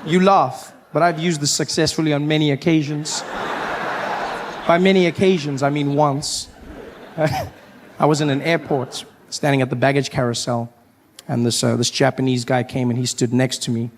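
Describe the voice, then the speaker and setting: A male comedian doing stand-up before a live audience, animated and often breaking into put-on voices. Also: fairly high pitch, moderate pace, noisy background.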